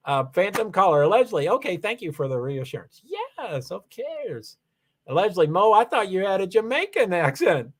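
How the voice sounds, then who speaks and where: Male livestream host, slightly high-pitched, loose and rambling, reads out chat and clicks through settings. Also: sing-song, moderate pace. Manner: rambling, repeats "allegedly", frequent restarts; talks through software settings step by step. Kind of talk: casual livestream chat, reading comments.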